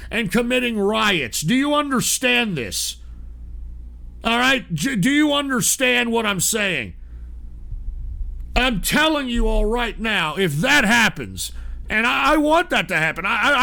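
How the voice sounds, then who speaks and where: A male host on a live call-in stream rants angrily and swears constantly. His voice is fairly high and gravelly. It has a bright, sharp edge. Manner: angry, profane ranting. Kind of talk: ranting live-stream talk.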